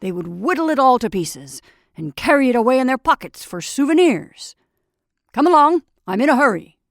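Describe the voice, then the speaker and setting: A woman voicing Santa Claus as a brisk, hearty old man in a storybook reading. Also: sits high, big pitch swings, no room sound, clean studio sound, pitched above the performer's own voice. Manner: loud, hearty, hurried.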